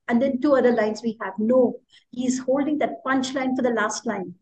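A woman with an Indian accent teaches a workshop in a high, warm, mellow voice. She speaks expressively and with emphasis, stressing her points by repeating words. She sounds middle-aged. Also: moderate pace, poor audio. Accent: Indian English. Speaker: poet leading a workshop.

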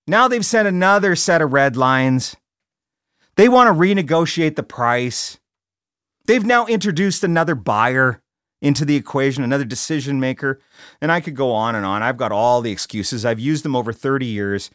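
A man's voice: a little high, animated, moderate pace, fairly bright tone, no echo. A middle-aged man hosting a podcast in a studio, talking bluntly and casually, often restarting and repeating words. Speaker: podcast host. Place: recording studio.

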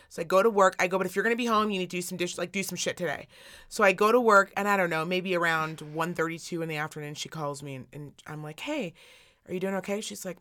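Speaking quickly at a medium pitch, a middle-aged woman on a podcast she co-hosts relates a story in casual conversation. She curses freely and brings the quotes to life with animated delivery.

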